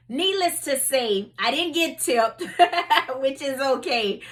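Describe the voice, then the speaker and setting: A woman's voice: fairly high pitch, bright, forceful tone. A woman hosting her own faith talk show, reading scripture and telling everyday stories in a conversational way. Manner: conversational, storytelling, many "you know"s. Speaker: host.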